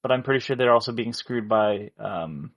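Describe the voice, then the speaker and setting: A man's voice: fairly low pitch, normal speed, lo-fi sound. A man co-hosting a gaming podcast, blunt and sarcastic, swearing while reading out news items. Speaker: podcast co-host. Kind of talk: casual chat.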